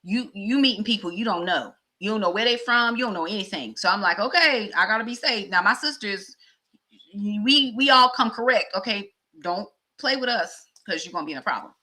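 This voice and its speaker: A middle-aged woman vlogger telling a personal story in a chatty, animated way. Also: mid-range voice, fairly quick. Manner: chatty, animated, acts out dialogue.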